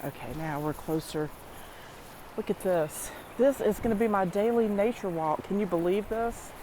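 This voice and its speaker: A woman talking casually to her phone camera as she walks a nature path, gushing slowly and softly about the scenery. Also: mid-range voice, a little hiss or hum. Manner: slow, soft-spoken and effusive. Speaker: vlogger. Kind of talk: casual walking vlog.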